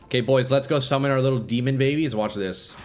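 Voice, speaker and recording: A man's voice: mid-range voice, quick pace, a little hiss or hum. A young man streaming a game live, chatting casually with viewers and swearing freely. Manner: laid-back, swears freely, chats with viewers.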